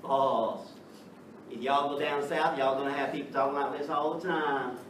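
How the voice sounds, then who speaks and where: A man from the United States teaching an English class, lively and checking in with the students by asking "right?" again and again. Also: mid-range voice, moderate pace. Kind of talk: classroom lecture. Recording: echoey classroom from far off, noisy.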